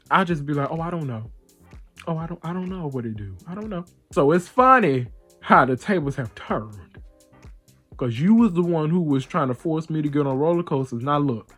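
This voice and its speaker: A man hosting a podcast, telling a story in a casual, playful way and acting out the voices of the people in it. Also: a little high. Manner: animated, playful, acts out the voices in his stories. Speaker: podcast host.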